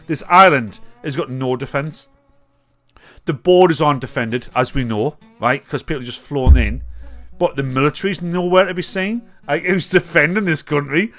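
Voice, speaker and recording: A young man from England rambles through a casual live-stream rant, swearing freely and reacting to chat comments. His voice sits a little high for a man. Faint music plays underneath. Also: a bit bright. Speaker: livestream host.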